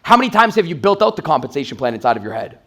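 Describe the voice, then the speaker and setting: A man giving an energetic, blunt motivational talk as a sales trainer, telling stories and swearing freely. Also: fairly high pitch, very fast, slightly rough. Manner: energetic, blunt storytelling with profanity.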